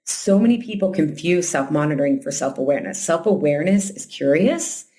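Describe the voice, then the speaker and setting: A woman host and coach talking casually, acting out quoted voices and filling her talk with "like" and "right?". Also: brisk. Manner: animated, acts out quoted voices with big pitch jumps; frequent "like" and "right?" fillers. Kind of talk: casual conversational teaching.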